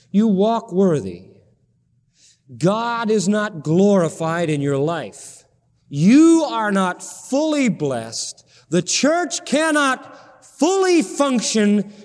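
Man, pastor, impassioned pleading sermon, high-pitched voice, long hall reverb. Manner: impassioned, pleading preaching with sudden rises and drops.

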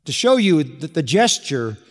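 Guy preaching a sermon, bit high voice, hits his points hard, big echoey hall. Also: sing-song, unhurried. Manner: emphatic, rising to exclamation on key points. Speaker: pastor. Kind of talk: expository sermon.

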